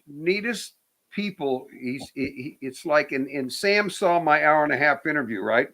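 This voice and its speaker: Gravelly, lively older comedian telling stories. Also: male voice, on the high side, normal speed. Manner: animated, jokey storyteller who acts out quotes. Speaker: guest, comedian and screenwriter. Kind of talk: casual anecdotal storytelling.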